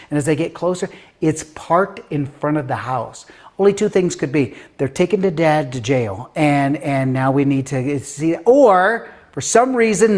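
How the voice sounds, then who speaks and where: Animated storytelling man in his fifties. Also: a little high. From Denver, USA. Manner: animated, acts out quoted voices with filler words. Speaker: guest author. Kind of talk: interview storytelling.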